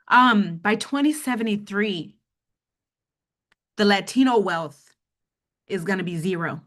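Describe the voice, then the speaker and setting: A woman's voice: mid-range voice, lively intonation, unhurried, long pauses, fairly bright tone. Woman host for a live money webinar, casual, keeps asking "okay?" to check in with viewers. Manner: conversational, checks in with the audience with frequent "okay?". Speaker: webinar host teaching personal finance.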